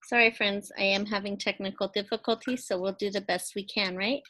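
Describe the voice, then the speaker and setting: A woman teacher giving a recorded phonics lesson to second graders, speaking slowly and clearly and pausing for imagined answers. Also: mid-range voice, steady tone, sharp tone, low-quality recording. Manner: slow, clearly enunciated teacher talk with pauses for imagined answers.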